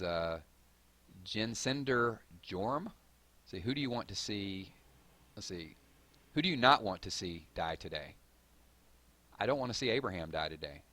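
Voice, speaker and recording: This man runs a live stream, loosely chatting and rambling through viewer comments. His voice is low, pushed and bright, and his talk is conversational, peppered with fillers, restarts and self-corrections.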